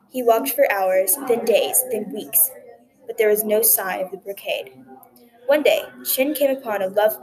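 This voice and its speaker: A woman telling a folktale aloud in a gentle, expressive narrating voice. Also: medium pitch, poor audio. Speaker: storyteller. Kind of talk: folktale reading.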